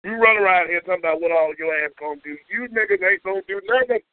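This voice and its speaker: A man hosting a call-in comedy show, ranting loudly and profanely with whooping shouts, heard over a tinny phone line. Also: high-pitched, very animated, fast talker, gravelly, no room sound. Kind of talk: comedic call-in radio rant.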